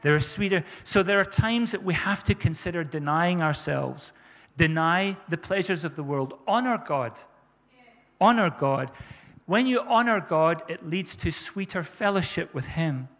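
A man's voice: a little high, lively intonation, unhurried, fairly bright tone, big-room sound. A man preaching a sermon as pastor, fervent and repeating his phrases for emphasis.

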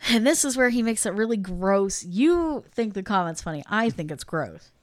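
A female podcast co-host recaps a film in casual chat, animatedly acting out the characters' lines as she goes. Her mid-range voice moves at a moderate pace, recorded in clean studio sound with no room echo.

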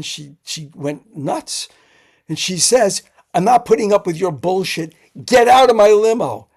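A man, a screenwriter guest in an interview, spins his anecdotes in a halting, filler-laden way. His voice sits a little high and has a gravelly fry, and he bursts into acted-out quotes along the way. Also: darkish tone.

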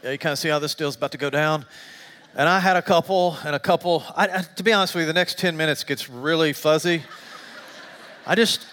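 Animated pastor preaching in a reverberant hall. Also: male voice, fairly high pitch, brisk. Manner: animated storytelling, self-deprecating humor. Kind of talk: sermon. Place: church sanctuary.

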